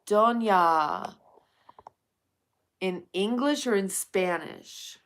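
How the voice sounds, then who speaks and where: A woman's voice: medium pitch, unhurried, fairly bright tone. A woman live streaming at night, chatting casually with viewers and calling them honey and darling.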